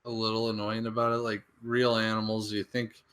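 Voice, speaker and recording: A young man co-hosting a podcast, relaxed and easygoing in casual chat, laughing often while he answers quiz questions. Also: lowish voice, a little fast, clean tone. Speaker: podcast co-host.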